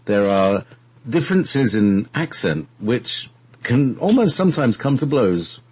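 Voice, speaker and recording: A man's voice: medium pitch, big pitch swings, unhurried, a little mellow, husky. A man from England in casual chat, laughing often and stumbling over restarts as he plays with accents. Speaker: guest.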